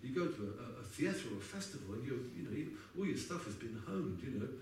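A man in his sixties with a mid-range, sing-song, somewhat mellow voice tells quick-paced, wry, chatty stories between songs and laughs at them himself. The echoey live venue is captured far from the mic, with a little hiss or hum and guitar in the mix.

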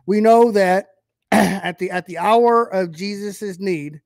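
Casting: man from the US, preacher on a livestream, casual and rambling delivery, slightly high voice, dry close sound. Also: slow, creaky, no echo. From United States. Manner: conversational, many fillers and restarts. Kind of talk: livestreamed Bible teaching.

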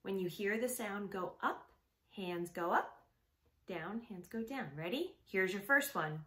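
A young woman teaching music to preschoolers at home, speaking slowly and with exaggerated expression, asking children questions and answering for them. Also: medium pitch, expressive, bright, forceful tone, roomy sound. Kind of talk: sing-song lesson for small children. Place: home room.

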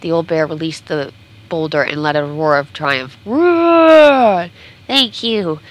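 A woman's voice: sits low, flat delivery, normal speed, low-quality recording. A woman game streamer reading a storybook aloud during a playthrough, sometimes stumbling and correcting herself.

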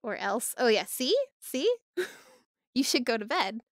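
A woman's voice: sits high, sing-song, a little slow, dry recording, clean studio sound. A woman streaming live from her home office, chatting bubbly and giggly while reading and answering her chat.

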